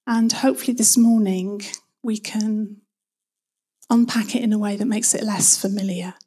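A woman giving a soft, reflective sermon in a church, dwelling slowly on each word of a verse. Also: mid-range voice, fairly even intonation, husky. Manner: soft, reflective, lingers on words. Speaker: church speaker. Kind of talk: sermon with prayer.

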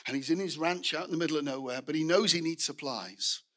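A man's voice: a little high, fast talker, sharp tone. A middle-aged man preaching a sermon, telling anecdotes with restarts and asides to the congregation.

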